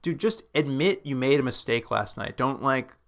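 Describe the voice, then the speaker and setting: A man co-hosting a casual film discussion, his voice sitting at an ordinary middle pitch. He recaps scenes in a loose, chatty way and jumps into short acted-out quotes of the characters, peppering his talk with "like.". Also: lively intonation. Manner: retells scenes with quick acted-out quotes, many "like" fillers. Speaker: podcast co-host.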